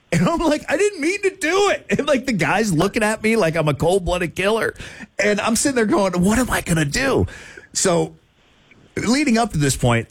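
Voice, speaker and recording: An excitable male radio host tells a story in a lively, swinging voice. His delivery is loose and chatty, full of laughs and shouted asides. The sound is close and dry, with no room echo. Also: fairly high pitch. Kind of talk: radio talk show storytelling.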